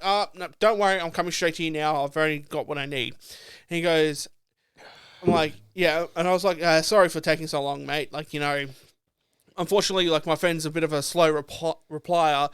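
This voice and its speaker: A young man with a fairly high, smooth voice, telling stories over drinks with lots of swearing and animated retelling. The sound is dry and close to the mic. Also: dry recording. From Australia. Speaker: podcast co-host. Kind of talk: casual chat over drinks.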